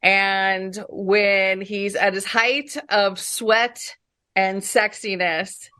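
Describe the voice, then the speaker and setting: A woman's voice: medium pitch, level tone, very slow, pushed and bright. A woman co-hosting a podcast in casual chat, giggly and playful. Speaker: podcast co-host.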